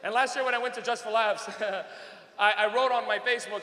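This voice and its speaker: A man's voice: high voice, fairly even intonation, normal speed, sharp tone. A young man doing a brash, profane stand-up comedy set on a club stage. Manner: brash, profane, laughing storyteller. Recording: echoey club with long reverb.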